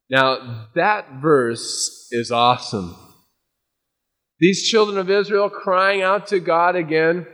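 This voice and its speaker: With a fairly bright, somewhat high voice and a slow delivery, a male pastor preaches an expository sermon in a big room. His conversational style moves from plain explanation to emphatic warnings, and he acts out quotes.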